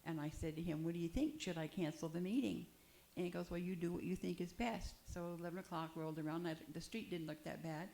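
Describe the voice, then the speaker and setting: An older woman, a pastor's wife, telling a story in a lively way and acting out the lines of the people in it. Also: on the low side, quick pace, gravelly, rough recording. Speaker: pastor's wife, panel guest. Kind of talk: recounting an anecdote.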